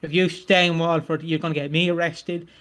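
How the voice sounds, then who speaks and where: A man's voice: on the high side, little pitch movement, fairly quick, fairly bright tone, natural voice. A man voicing a threatening man, listing threats and stumbling over names. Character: threatening man making blunt demands.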